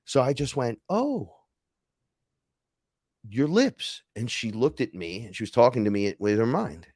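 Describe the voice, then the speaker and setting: Man, podcast host, casual storyteller; low-pitched, excitable, foul-mouthed, loud-then-hushed delivery; dry close sound. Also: fairly quick, no echo. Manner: profane, excitable, swings between loud and hushed. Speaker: podcast host recounting an experience.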